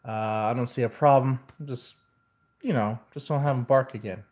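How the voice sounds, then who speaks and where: A woman's voice: a bass voice, normal speed. Guy doing a chill lady cop, just stating facts. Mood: calm. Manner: calm, matter-of-fact. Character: calm patient woman police officer.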